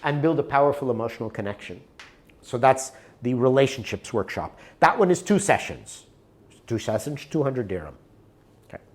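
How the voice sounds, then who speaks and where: A man's voice: medium pitch, sing-song, moderate pace. A man presenting a workshop in a room, talking conversationally and checking in with his listeners. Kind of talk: live workshop talk with an anecdote.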